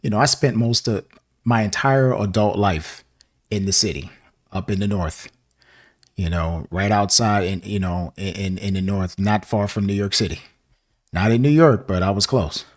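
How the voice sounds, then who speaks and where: A man raised in the American South talks through a song reaction in a loose, rambling way. His voice sits a little low, with plenty of fillers and easy laughs between thoughts. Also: moderate pace. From Southern United States. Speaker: music reaction host. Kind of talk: casual reaction chat.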